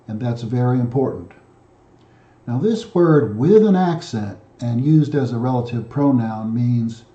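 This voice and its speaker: Male teacher, very dark mellow tone, methodical and repetitive delivery; roomy, slightly muffled recording. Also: medium pitch. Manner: methodical, repeats himself with frequent fillers and restarts. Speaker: Greek teacher. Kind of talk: explaining grammar exercises.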